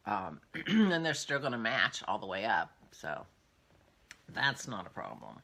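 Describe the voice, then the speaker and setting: A woman's voice: rumbling low, sing-song, a little slow, bright, forceful tone. An older woman hosting a casual vlog, chatting in a rambling way as she thinks aloud. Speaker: podcast host.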